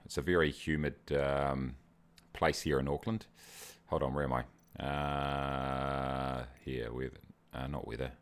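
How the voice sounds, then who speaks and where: A man's voice: a bass voice, flat delivery, unhurried, pauses often, clean tone. A man with a New Zealand accent hosting a casual livestream, joking and greeting his viewers by name. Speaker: livestream host.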